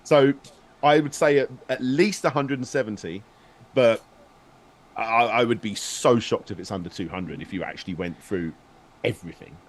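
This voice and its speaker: A man's voice: fairly low pitch, normal speed. A man telling a story in a casual stream chat, rambling and restarting as he goes. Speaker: guest, video maker.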